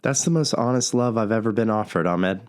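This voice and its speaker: A man's voice: on the low side, a little fast, lightly acted. A man playing a broke, lonely radio host who jokes wryly at his own expense during a comedic call-in show. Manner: self-deprecating, wry. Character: broke, self-pitying single male radio host.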